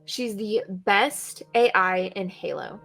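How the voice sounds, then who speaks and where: A young woman rambles through excited stories in casual chat, giggling often. Her voice carries a gravelly fry. She talks over a video call mic. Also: medium pitch, slow pace. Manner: bubbly, giggly, rambling storyteller. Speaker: guest streamer and cosplayer.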